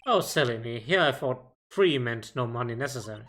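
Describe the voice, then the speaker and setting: Goofy streamer with lively pitch. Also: a little fast. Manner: goofy, laughing, swearing asides. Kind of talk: casual game stream commentary and reading.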